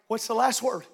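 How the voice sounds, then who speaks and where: Brief: male pastor, very high pitch, gravelly edge, shouted sing-song sermon delivery. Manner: shouted, sing-song preaching that swings loud and soft. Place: church.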